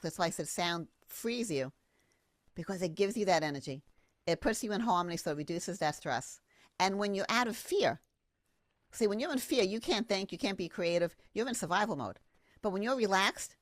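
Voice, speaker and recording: A woman, a sound therapist guesting on a podcast, telling a story in an enthusiastic, expressive, rambling way. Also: on the low side, dry recording. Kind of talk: animated storytelling.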